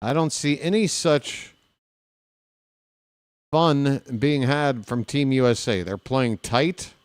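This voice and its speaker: A man's voice: mid-range voice, slow pace, smooth, no echo. A man calling baseball play-by-play for his stream, with casual, self-deprecating asides to viewers.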